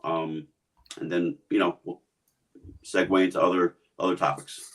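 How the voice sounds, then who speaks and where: A man co-hosting a casual chat, eager and excited like a fan. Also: low voice, normal speed. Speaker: co-host.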